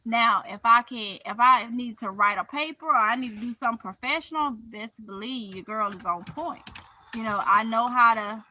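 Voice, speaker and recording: A woman's voice: fairly high pitch, moderate pace, sharp tone, poor audio. A middle-aged woman with a Mississippi accent hosting a casual livestream, reading chat comments in a chatty, playful way with heavy Southern dialect and frequent laughs.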